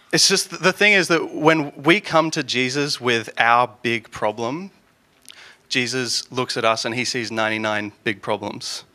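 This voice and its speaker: A man giving a relaxed, joking sermon, chatty and full of ums and restarts. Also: medium pitch. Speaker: preacher. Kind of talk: casual conversational sermon.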